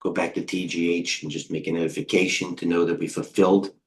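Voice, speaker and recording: A middle-aged American man hosting a live trading stream, excitable and rambling, jumping between stocks with quick quips. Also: deep voice. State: out of breath. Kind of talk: live market commentary.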